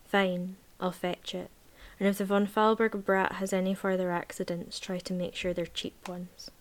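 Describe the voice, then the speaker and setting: A woman reading a book aloud, giving a weary male servant a lowered, grudging tone. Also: little pitch movement, moderate pace, close to an everyday voice.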